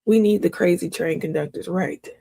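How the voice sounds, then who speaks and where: Gravelly, husky woman doing emphatic live commentary. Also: lowish voice, normal speed, warm tone, dry recording. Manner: emphatic, repetitive, talks back to the screen. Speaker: trial commentary host.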